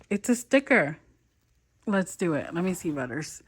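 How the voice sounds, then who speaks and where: A woman's voice: lowish voice, sing-song, moderate pace, slightly rough. A young woman chatting casually in a reading vlog, gushing and easily delighted. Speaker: book vlogger.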